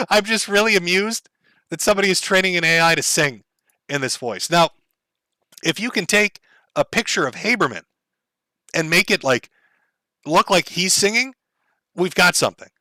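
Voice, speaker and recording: A man's voice: high voice, animated, normal speed, pauses often, sharp tone, no echo. A man with a Minnesota accent hosting a livestream in casual, profane, rambling chat, chuckling often. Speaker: livestream host.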